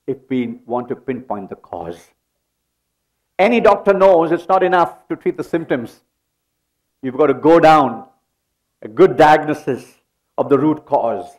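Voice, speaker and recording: A man's voice: a little high, animated, takes it slowly, long pauses, a little mellow. A middle-aged man preaching a sermon in a church, leading the congregation in call-and-response. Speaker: pastor.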